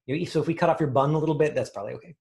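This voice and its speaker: A man's voice: a little high, rapid-fire, creaky, darkish tone. A man coaching an acting class, talking in a rambling way with many fillers and restarts.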